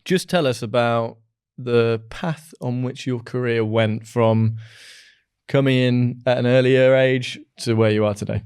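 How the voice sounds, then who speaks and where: A man's voice: mid-range voice, steady tone, unhurried, darkish tone, clear, resonant tone. An English man hosting a podcast interview, upbeat, chatty and self-deprecating. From England. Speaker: podcast host.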